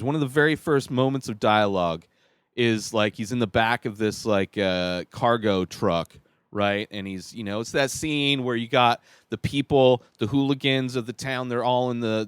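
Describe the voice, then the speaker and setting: A man's voice: mid-range voice, clean tone, dry recording, studio quality. Man rambling through a critical film review. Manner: rambling, halting, many restarts and fillers; exasperated, critical. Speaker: podcast host reviewing a film. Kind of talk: casual spoken movie review.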